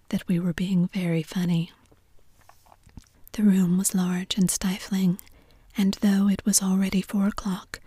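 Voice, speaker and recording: Woman reading, whispered role-play, breathy husky whisper, dark mellow tone, dry close sound. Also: fairly low pitch, dry recording. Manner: soft, even whispered reading. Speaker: reader.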